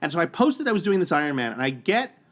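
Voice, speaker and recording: Male podcast guest, animated storyteller, a touch high, full of restarts. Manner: animated, quick, with repeated restarts. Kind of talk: casual storytelling.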